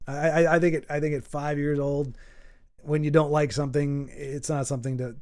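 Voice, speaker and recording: A man's voice: a little high, little pitch movement, moderate pace, a little mellow. A man hosting a casual livestream, chatting to his viewers in a rambling, self-deprecating way with frequent stumbles and restarts. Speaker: livestream host.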